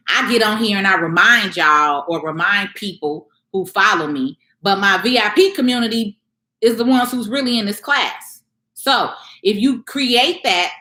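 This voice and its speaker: A woman's voice: lowish voice, bright, forceful tone. A woman business coach hosting a casual live stream, talking emphatically to her followers and checking in with them often. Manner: emphatic, conversational, keeps asking "you get what I'm saying"; mocks others in raised playful voices. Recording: echoey room.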